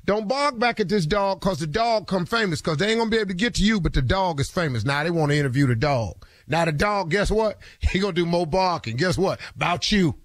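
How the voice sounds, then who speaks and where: A man's voice: sits high, animated, fairly quick, hardly any pauses, no room sound. Folksy Southern man preaching on radio. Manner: preachy, folksy, drawling delivery. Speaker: radio show host. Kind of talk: motivational radio talk.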